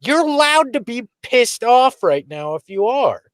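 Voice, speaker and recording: A man's voice: extremely high pitch, big pitch swings, measured pace, no room sound, studio quality. A man hosting a casual sports podcast, talking candidly and reflectively, often restarting his sentences. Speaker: podcast host.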